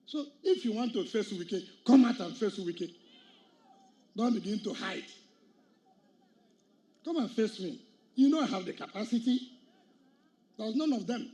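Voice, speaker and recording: A man's voice: high voice, animated, unhurried, long pauses, dark tone. A middle-aged man with a Nigerian accent giving a combative public political speech, firing rhetorical questions and challenges at a crowd at an outdoor event. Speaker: state governor.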